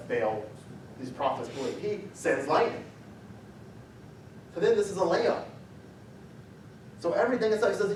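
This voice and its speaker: A pastor delivers an animated sermon in an echoey church sanctuary, recorded by a distant mic with slight background noise. His high male voice is a little slow with frequent pauses, and he acts out the story, raising his voice for quotes.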